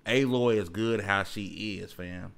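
A man hosting a gaming podcast, talking loud and excitable with lots of slang. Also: fairly low pitch, measured pace, vocal fry. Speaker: podcast host. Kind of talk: casual chat.

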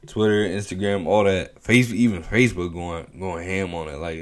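A man's voice: low voice, fairly even intonation, measured pace. A young man hosting his own show, telling a story in a laid-back, slangy way and laughing often. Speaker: podcast host. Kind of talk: casual opinion monologue.

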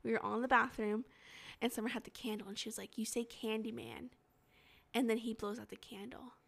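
Fast-talking young woman telling stories. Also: a little high, gravelly. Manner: animated storytelling, frequent "like". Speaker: podcast co-host. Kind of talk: casual chat.

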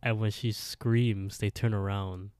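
A man's voice: on the low side, level tone, a little slow, a little mellow, clean tone, no room sound. A man co-hosting a podcast, animatedly retelling a story in casual chat and laughing often. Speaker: podcast co-host.

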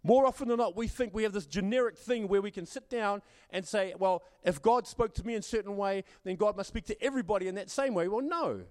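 A man's voice: high-pitched, quick pace, hardly any pauses. A man preaching a sermon as pastor, stammering on repeated words and acting out the voices he quotes. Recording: long hall reverb.

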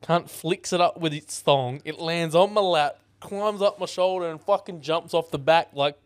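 A young Australian man co-hosting a podcast, telling animated stories full of swearing in casual chat. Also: a little high, moderate pace, no room sound. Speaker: podcast co-host.

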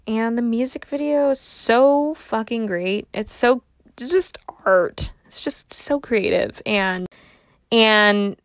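Slow, rambling young woman podcaster. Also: mid-range voice, dry recording, studio quality. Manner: rambling, self-mocking humor. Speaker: podcast host. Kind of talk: casual solo podcast chat.

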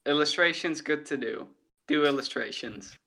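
A young man from the Netherlands chatting casually as a podcast co-host, playful and quick to banter. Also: fairly high pitch, creaky, sharp tone. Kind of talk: casual chat.

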